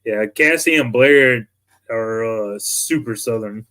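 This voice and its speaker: A man's voice: mid-range voice, takes it slowly, a bit bright. An easygoing man chatting as a guest on a livestream. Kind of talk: casual livestream chat.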